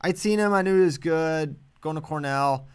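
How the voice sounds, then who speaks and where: A man co-hosting a podcast, chatting casually about wrestling picks with quick, animated banter. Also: a little high, clear, resonant tone. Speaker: podcast co-host. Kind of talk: casual sports chat.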